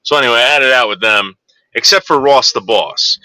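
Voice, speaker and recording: A man's voice: mid-range voice, brisk, pushed and bright, no room sound, low-quality recording. A man in his forties telling a crude, rambling anecdote, full of fillers and digressions. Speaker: storyteller.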